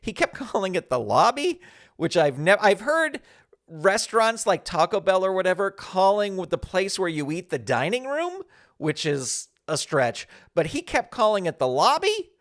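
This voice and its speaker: A man's voice: high-pitched, moderate pace. A man in his fifties, a podcast host telling a chatty, self-deprecating story in a casual monologue. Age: 50s. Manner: chatty, self-deprecating, animated when quoting others.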